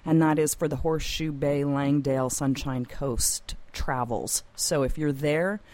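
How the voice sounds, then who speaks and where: A woman's voice: deep voice, steady tone, measured pace, darkish tone. A woman hosting a community radio show, playful and theatrical, drawing out her words in a studio. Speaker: radio host.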